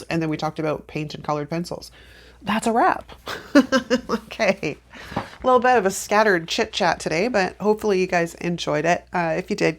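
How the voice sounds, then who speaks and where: A woman's voice: on the low side, slight background noise. A woman hosting a planner channel, talking through a craft tutorial in a chatty, rambling, self-deprecating way. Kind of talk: casual craft tutorial chat.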